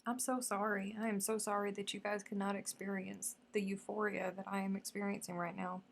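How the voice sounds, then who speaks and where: A woman hosting a casual live craft stream, chatting effusively and dropping now and then into soft murmurs. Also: mid-range voice, little pitch movement, brisk, gravelly, a little hiss or hum. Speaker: crochet livestream host.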